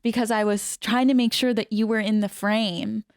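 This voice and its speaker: A woman in her thirties co-hosting a podcast, telling a story in a chatty, quick casual style. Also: medium pitch, fairly even intonation, clear, resonant tone, no echo, clean studio sound. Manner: chatty storyteller, quick asides, laughs easily. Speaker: podcast co-host. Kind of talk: casual chat.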